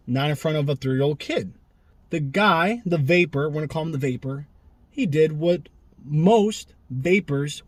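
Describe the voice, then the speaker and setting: Young male vlogger, sarcastic rant, lively pitch, dry close sound. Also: dry recording. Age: young adult. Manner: animated, sarcastic ranting. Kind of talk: ranting vlog monologue. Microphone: camera he films himself with.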